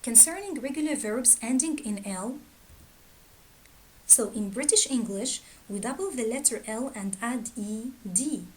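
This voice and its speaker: Slow, deliberate woman teaching grammar. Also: fairly high pitch, lively intonation, darkish tone, a little hiss or hum, low-quality recording. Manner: slow, deliberate, reading out word pairs. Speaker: English teacher. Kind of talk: grammar lesson.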